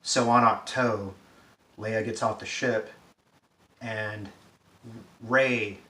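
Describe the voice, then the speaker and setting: A male pop-culture commentator rants in profane, exasperated, sarcastic fashion, his low-leaning voice steady and sharp with drawn-out words. A distant mic catches him in a roomy space with echo and faint hiss.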